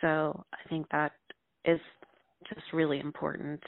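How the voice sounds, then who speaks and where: A woman who teaches middle school speaks earnestly, circling back and restarting as she works through her thoughts. Her voice sits a little low. The sound is dry and narrow, like a phone line. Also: level tone, gravelly, dry recording. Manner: earnest and reflective, with halting restarts. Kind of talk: casual conversation.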